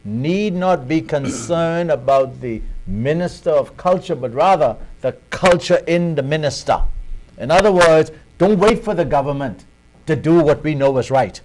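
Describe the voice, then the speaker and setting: Emphatic, higher-voiced Bahamian man. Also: expressive, moderate pace, a little mellow, poor audio. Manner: earnest and emphatic, with restarts. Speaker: guest. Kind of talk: talk show discussion.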